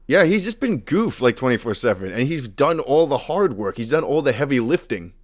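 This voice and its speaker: A man's voice: mid-range voice, sing-song, brisk. A young man casually retelling fantasy lore as a podcast host, acting out the characters' lines as he goes.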